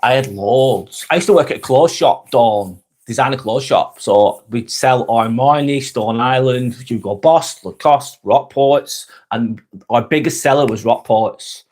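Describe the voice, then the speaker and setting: A man's voice: mid-range voice, measured pace, darkish tone. English man swearing through casual live chat. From England. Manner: swears freely, rambling and repetitive. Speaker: live vlog host.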